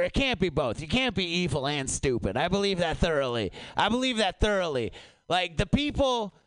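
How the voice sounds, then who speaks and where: A man performing a stand-up comedy set, animated and profane, swinging his voice up and down for bits. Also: fairly high pitch, clean tone, dry recording. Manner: animated, swearing, shifting voice up and down for bits. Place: comedy show venue.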